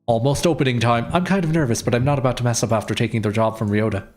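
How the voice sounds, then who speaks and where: Man, mid-pitched, playful, reading a visual novel aloud, faint music behind. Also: very fast, darkish tone. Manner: playful, reads all characters. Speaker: streamer.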